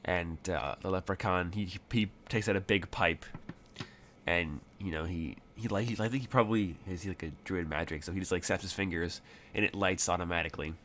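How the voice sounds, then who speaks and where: Rambling low-voiced man game master. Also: brisk, fairly bright tone, slight background noise. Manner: rambling, many fillers. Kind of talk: narrating a tabletop game.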